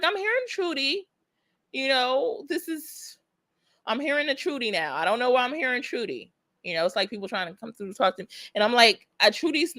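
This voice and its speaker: Bright, lively woman livestream host. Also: on the high side, dry recording, studio quality. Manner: animated, excitable, reads viewer comments aloud. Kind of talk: casual livestream chat reading comments.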